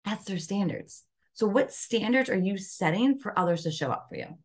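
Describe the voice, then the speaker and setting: A woman's voice: medium pitch, lively intonation, moderate pace. A woman guest on a podcast, talking casually about self-care and often asking "right?" as she goes. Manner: conversational, frequent "like" and "right?" fillers. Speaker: podcast guest, wellness coach.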